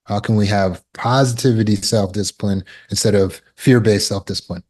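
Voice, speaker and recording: A man's voice: fairly low pitch, fairly even intonation, normal speed, darkish tone. Emphatic man teaching self-discipline. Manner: emphatic, repetitive, explains with everyday examples. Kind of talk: motivational talk.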